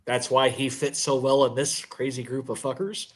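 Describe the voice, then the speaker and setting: A man of middling pitch teases his co-host in a casual podcast chat. He jokes with a mock-pleading, ribbing manner. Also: flat delivery, normal speed.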